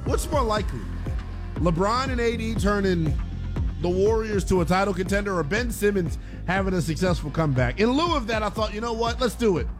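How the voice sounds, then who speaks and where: A brash man hosts sports talk radio. His voice sits a bit high, with a lively, swinging delivery and some music faintly underneath. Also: brisk. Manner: brash, joking, animated.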